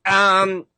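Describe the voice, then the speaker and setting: A man's voice: sits high, pushed and bright, dry recording. An older man giving a blunt, joking critique as a regular panelist on a music review show. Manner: blunt, joking, rambling restarts.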